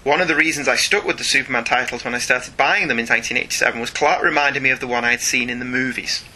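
A man's voice: medium pitch, fast, noisy background. A man co-hosting a casual podcast, chatting and reading listener emails aloud with frequent laughs. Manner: chatty, animated, laughs often, reads aloud. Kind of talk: casual chat.

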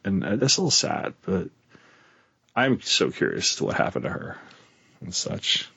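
A man's voice: low-pitched, very animated, normal speed, creaky, bright, forceful tone, husky, dry recording, lo-fi sound. A man co-hosting a podcast, chatting casually about books with many fillers and restarts. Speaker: podcast co-host. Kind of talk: casual book-club chat.

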